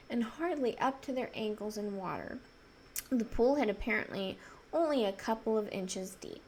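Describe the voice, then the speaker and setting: A woman reading a children's novel aloud in a soft voice, gently voicing the children. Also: on the high side, a little hiss or hum. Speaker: reader.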